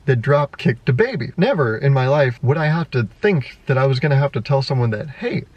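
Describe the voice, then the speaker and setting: A man's voice: mid-range voice, expressive, a little fast, darkish tone, dull audio. A young man vlogging in a rambling, exasperated way, laughing often and swearing freely. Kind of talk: casual unscripted monologue to camera.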